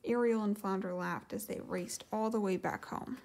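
A woman gently reading a children's storybook aloud and then going through vocabulary words. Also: mid-range voice, steady tone, moderate pace, noisy background. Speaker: storybook reader and teacher.

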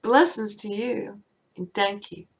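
A woman's voice: mid-range voice, fairly even intonation, slow. A woman hosting an inspirational spiritual talk, asking the listener many rhetorical questions. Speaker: spiritual teacher and host.

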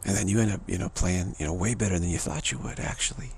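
This man's voice sits low and is creaky, husky and a little mellow, moving a little fast. He talks to an audience in a loose, rambling monologue, repeating lines and slipping into scat-like, drum-like asides.

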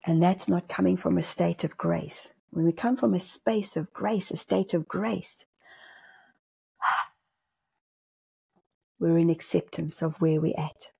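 Gravelly, husky South African woman. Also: fairly low pitch, takes it slowly, long pauses. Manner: animated, laughs often, acts out inner voices. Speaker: spiritual medium guest. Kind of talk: podcast conversation.

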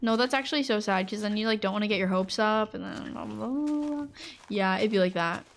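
A woman Twitch streamer with a medium-pitched, creaky voice talks briskly to viewers mid-game, with slight background noise. Chatty and rambling, she fills her talk with "like" and acts out little scenes for chat.

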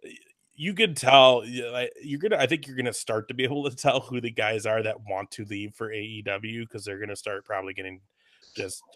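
A man's voice: on the low side, brisk, a bit bright, no echo, clean studio sound. A man co-hosting a casual wrestling talk show, giving his opinions on recent news. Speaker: podcast co-host. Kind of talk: casual chat, wrestling commentary.

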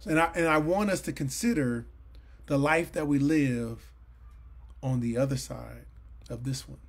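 This Bible teacher, a man in his late forties, speaks in a creaky mid-range voice at a measured pace. His sermon-style lesson on a livestream mic is earnest and conversational, with abrupt emphatic bursts.

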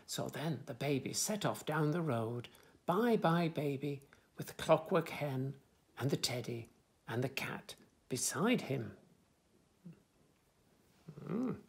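A man reading a children's picture book aloud as storyteller, gentle and expressive. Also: a little high, slow pace, creaky, pauses often.

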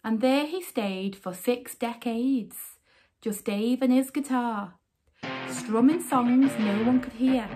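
A woman reading a rhyming children's picture book aloud as a storyteller, with an expressive, sing-song delivery. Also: a little high, slow pace, over music.

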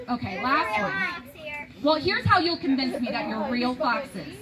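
A woman's voice: sits high, a little slow, over a noisy crowd, rough recording. A woman librarian leading a children's storytime, reading aloud and talking playfully to the kids. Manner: animated, playful, talks to kids.

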